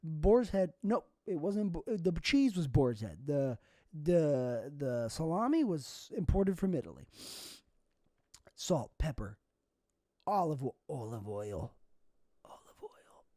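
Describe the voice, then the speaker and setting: A man's voice: fairly high pitch, very animated, slow pace, dark tone, no echo, clean studio sound. A young man hosting a solo comedy podcast, rambling through goofy, absurd tangents. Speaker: podcast host.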